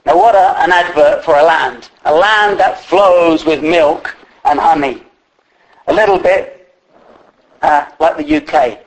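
Guy preaching, chatty and loose, lots of uhs, voice a bit high. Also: unhurried, rough recording. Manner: conversational, with many fillers and restarts. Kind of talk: sermon.

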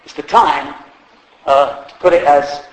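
A man's voice: on the high side, unhurried. A man preaching a sermon in a humorous, conversational way, acting out quotes along the way. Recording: echoey hall.

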